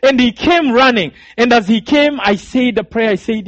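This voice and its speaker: A man's voice: very high-pitched, moderate pace. A man preaching a sermon testimony, telling his story with emotion and repeated phrases. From Rwanda. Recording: dull, dry sound.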